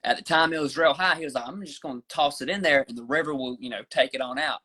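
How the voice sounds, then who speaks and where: A man with a Southern accent in a loose, casual podcast chat, rambling and swearing as he restarts his sentences. His voice sits a touch high and comes across bright and forceful. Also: quick pace. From rural Southern US. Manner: profane, rambling storyteller with many restarts. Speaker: podcast guest.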